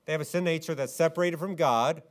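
A male pastor delivering a sermon, full of rhetorical questions, swinging between loud, emphatic rises and quiet, low stretches. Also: fast talker.

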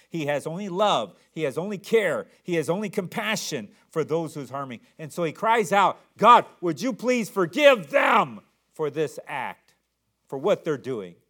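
A man preaching a sermon, reading King James scripture and repeating words as he builds each point. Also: mid-range voice. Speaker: pastor.

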